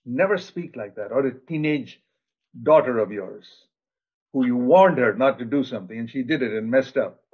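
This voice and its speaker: A man's voice: medium pitch, expressive, normal speed, breathy edge. An older male preacher giving a sermon in an earnest, plain-spoken way, acting out bits of dialogue. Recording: tinny phone-like sound.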